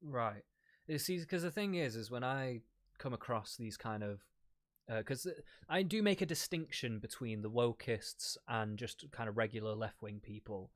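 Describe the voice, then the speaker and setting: Relaxed swearing Englishman, dry close sound. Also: mid-range voice, moderate pace, no echo. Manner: relaxed, swears casually, laughs often. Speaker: debate guest. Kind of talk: casual chat.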